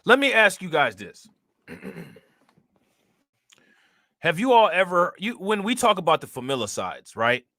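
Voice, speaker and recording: A man's voice: high-pitched, big pitch swings, measured pace, long pauses, bright, forceful tone, no room sound, clean studio sound. A man hosting a commentary channel, talking to his viewers in an emphatic, heated way, full of rhetorical questions. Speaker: reaction channel host.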